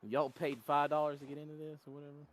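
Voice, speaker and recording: Speaking quickly in a voice on the high side with little pitch movement, this North Carolina man chats casually. He drifts through rambling stories, going off on tangents and correcting himself.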